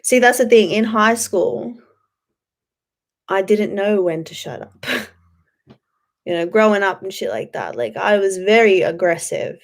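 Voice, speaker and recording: A woman's voice: mid-range voice, unhurried, long pauses. A woman hosting a casual livestream, rambling, swearing freely and answering chat. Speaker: YouTube livestream host.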